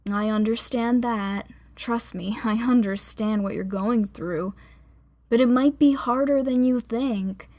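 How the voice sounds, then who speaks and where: A woman's voice: fairly high pitch, a little slow, darkish tone, natural voice. A woman narrator voicing a weary woman gym teacher who speaks in a tired, soothing and patient way. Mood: weary gentle.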